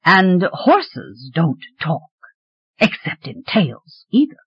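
A narrator voicing an ancient female talking sword with a slow, sleepy, gravelly voice and a dry, mordant humor. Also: mid-range voice, very animated, no echo, heavily acted. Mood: dryly amused. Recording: dry, slightly dull recording.

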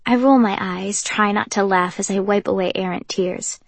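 A woman narrating a first-person audiobook in a soft, even reading voice. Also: mid-range voice, normal speed, gravelly, dry recording.

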